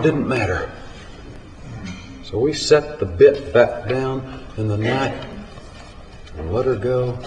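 A man's voice: medium pitch, slow pace, pauses often, darkish tone, a little hiss or hum. A man telling a first-person story in a plain-spoken, folksy and profane way. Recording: roomy hall with faint ambience.

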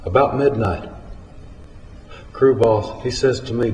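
Man, slow storytelling, plain-spoken, swears freely, echoey hall, faint background hum. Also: on the low side. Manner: plain-spoken, profane, folksy. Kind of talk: spoken first-person storytelling. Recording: roomy hall with faint ambience.

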